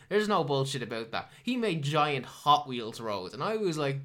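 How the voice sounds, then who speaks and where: Guy, podcast co-host, bright edge to the voice, exasperated and sweary film rant. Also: medium pitch, very animated, normal speed, hardly any pauses. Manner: swears a lot, ranting and exasperated. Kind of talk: casual film review chat.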